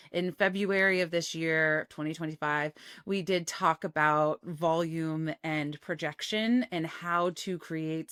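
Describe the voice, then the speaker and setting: A woman coaching on vocal authority, her voice sitting a little low with a clean, clear tone. She demonstrates as she teaches, shifting resonance and cadence to make each point. The sound is dry and close, with no room echo. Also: a bit bright. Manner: clear, cleanly phonated delivery. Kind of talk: instructional talk to camera.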